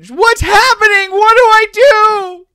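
A man voicing a frantic, panicked mother in a shrill falsetto, stammering and crying out. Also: fairly even intonation, normal speed, a bit bright, dry recording, studio quality.

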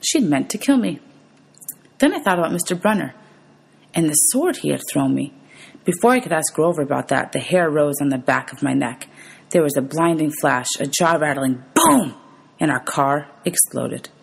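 Woman teacher, reading a novel aloud, husky voice, low pitch. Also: normal speed. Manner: steady storytelling, announces page numbers.

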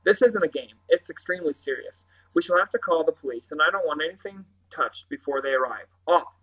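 A man reading a firm storybook father who speaks briskly and does not allow argument. His voice sits a little high. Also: a bit bright, low-quality recording. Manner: brisk and commanding.

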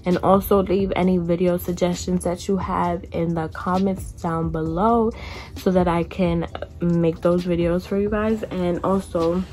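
A woman's voice: lowish voice, steady tone, measured pace, warm tone. A young woman vlogger telling a casual storytime, chatty, with lots of "like" and some casual cursing. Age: young adult.

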